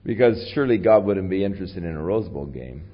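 A man preaching a sermon in a conversational storytelling way, with a voice that carries and big rises in pitch and loudness. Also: animated, fairly quick, lo-fi sound. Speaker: pastor.

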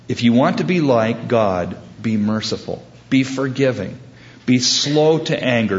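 Guy preaching, acts out the voices in his stories, kinda dull muffled sound, normal pitch. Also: expressive, unhurried. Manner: storytelling, acts out quoted voices, humorous asides. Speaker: pastor. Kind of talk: sermon.

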